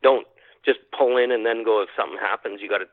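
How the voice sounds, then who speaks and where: A low-voiced man from Canada tells his story with animation, acting out his own thoughts and repeating words for effect. The sound is dry and tinny, like a phone line. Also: fast, dry recording. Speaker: podcast guest. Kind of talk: telling a personal encounter story.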